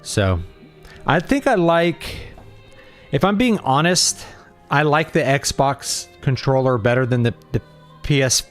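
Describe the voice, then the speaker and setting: A man's voice: mid-range voice, lively intonation, takes it slowly, faint music behind. A man in his thirties streaming a game, talking casually and rambling as he thinks aloud. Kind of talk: casual gaming livestream chat.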